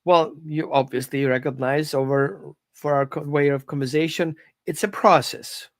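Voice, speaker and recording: Dog trainer doing a casual live lesson from home, chatty and animated, middle pitch. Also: normal speed, no room sound, clean studio sound. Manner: animated, conversational, coaching tone. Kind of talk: informal live-stream lesson.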